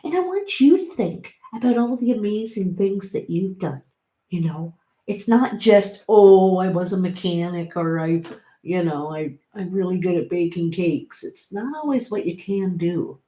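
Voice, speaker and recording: A middle-aged woman reads tarot cards in an unhurried, chatty way, coaxing and encouraging her listener. Her voice sits low and mellow, and she now and then bursts out with excitement. The sound carries a roomy echo. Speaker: tarot reader. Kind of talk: casual tarot reading to camera.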